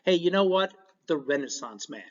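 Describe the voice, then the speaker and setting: A man teaching a recorded class lecture in an animated way, with joking asides. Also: a little high, moderate pace. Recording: dull lo-fi recording.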